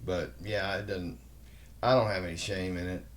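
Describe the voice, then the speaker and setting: Podcast guest, male, 40s, lower voice; blunt, swears freely, jokey. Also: steady tone, normal speed, slight background noise. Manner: blunt, profane, joking. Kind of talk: casual chat.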